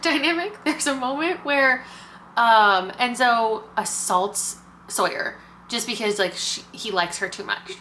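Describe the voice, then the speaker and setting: Bright-voiced young woman vlogging, laughing often. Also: medium pitch, slight background noise. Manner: animated, laughs often, quick asides. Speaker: book vlogger. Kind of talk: casual chat.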